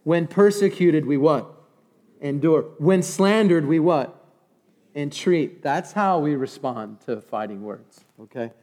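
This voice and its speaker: A middle-aged man preaching a sermon, reading scripture aloud and calling for congregation responses. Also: measured pace. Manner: animated, rises high and loud when exhorting. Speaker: pastor. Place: church sanctuary. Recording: long reverb of a church hall.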